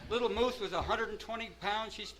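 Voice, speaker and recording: An older man from Southern California telling his personal recovery story at a meeting, rambling at first, then growing animated and laughing. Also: sits high, brisk, poor audio.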